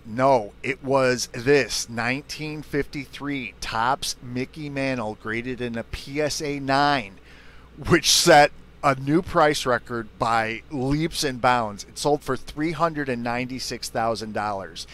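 A man's voice: mid-range voice, takes it slowly, fairly bright tone. A man hosting a hobby news roundup with wry, joking asides. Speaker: show host.

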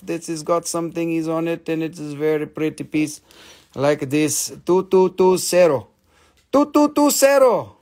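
A man's voice: high-pitched, darkish tone. A man hosting a live stream selling stones, joking and teasing his viewers as he calls out prices, with slightly broken phrasing. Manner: joking, teasing banter while calling prices. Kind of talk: live sales stream chat.

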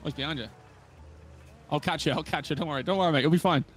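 A man's voice: fairly high pitch, rapid-fire, faint music behind. A man teasing and swearing at his friends while racing in a game. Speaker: player. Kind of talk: casual gaming banter.

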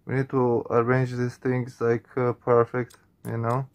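Gravelly-voiced nervous gaming commentator man. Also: mid-range voice, completely flat delivery, measured pace. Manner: jumpy, swears often, keeps saying man and guys. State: nervous, on edge. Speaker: gaming channel host. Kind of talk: horror game reaction commentary.

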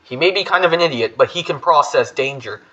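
A man voicing a grave male trailer narrator, telling the scene slowly and dramatically. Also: fairly high pitch, lively intonation, pushed and bright, highs cut off, voice pushed down. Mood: dramatic. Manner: slow, dramatic storytelling.

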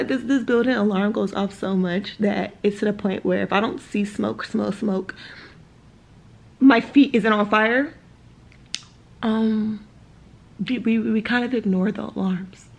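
A woman's voice: mid-range voice, creaky. Sleepy, blunt woman vlogging at home. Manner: blunt, swears freely, rambling asides. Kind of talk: casual vlog chat. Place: at home in her apartment.

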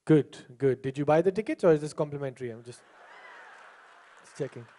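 Speaking fairly quickly in a voice on the high side, a young Indian man does stand-up before a live crowd. His set is full of lively crowd work and plenty of laughter.

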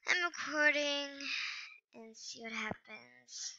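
A woman chats her way through an online game in an unhurried, rambling, hesitant manner, often stopping to apologise. Her voice sits a little high and sounds very bright and clean. The lo-fi computer mic dulls it slightly. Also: a little hiss or hum. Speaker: gaming channel host. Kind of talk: casual gameplay commentary.

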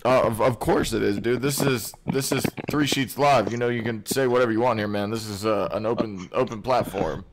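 A man's voice: on the low side, a little fast, few pauses. A man hosting a live call-in stream, talking loosely with many fillers and mumbled asides. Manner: laid-back, mumbling fillers, egging on. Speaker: stream host. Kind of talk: casual live stream chat.

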